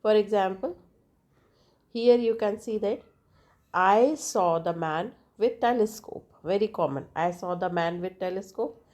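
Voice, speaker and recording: A woman gives an informal lecture on language terms. She talks slowly and works through each example, her voice warm and mellow, and she keeps pausing to check with "right?". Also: mid-range voice. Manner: slow, explanatory, with frequent filler "right?". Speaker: English teacher.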